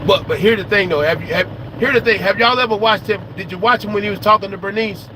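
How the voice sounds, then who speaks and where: High-voiced man ranting outdoors, noisy. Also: fast talker. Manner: animated, profane, repeats himself for emphasis. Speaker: trucker vlogger. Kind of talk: casual outdoor talk to viewers.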